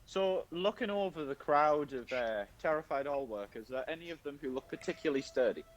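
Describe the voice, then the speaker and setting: A man's voice: fairly high pitch, animated, a little fast, muffled recording. A man playing a tabletop game, hesitant and thinking aloud as he plans his move. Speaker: player.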